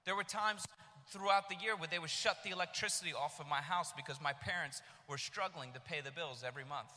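A man in his thirties from the United States preaching a sermon, telling his story with animated bursts of shouting. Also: on the high side, a little fast. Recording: long reverb of a large hall.

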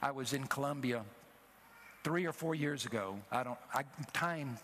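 A middle-aged man preaching a sermon, telling a personal story with emotion and rising to loud exhortations. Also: mid-range voice, moderate pace, slight background noise. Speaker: traveling preacher.

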